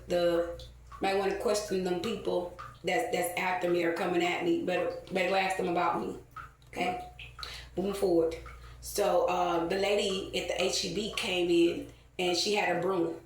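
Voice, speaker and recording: Echoey, distant angry woman ranting. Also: on the low side. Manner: heated, profane storytelling with many fillers. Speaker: vlogger. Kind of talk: casual rant to camera. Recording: very echoey, distant, faint ambient noise.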